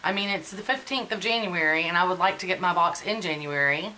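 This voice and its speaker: Bright-voiced woman in her forties venting. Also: fairly low pitch, a little fast, a little hiss or hum, rough recording. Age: 40s. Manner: chatty, venting, conversational. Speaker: beauty vlogger. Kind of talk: casual get-ready-with-me chat.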